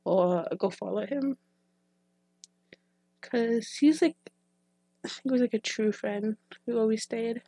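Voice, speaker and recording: A woman's voice: fairly high pitch, slow pace, pauses often, warm tone, husky, dry recording, studio quality. A young woman who reacts to videos online, chatting casually in a hesitant, emotional way that trails off and restarts. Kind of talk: casual personal chat.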